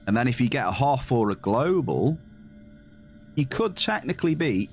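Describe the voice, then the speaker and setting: A man's voice: mid-range voice, normal speed. Chatty English man streaming a game. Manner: chatty, reading chat aloud, bursts of excitement at hits. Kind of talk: casual live-stream chat. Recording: game music behind.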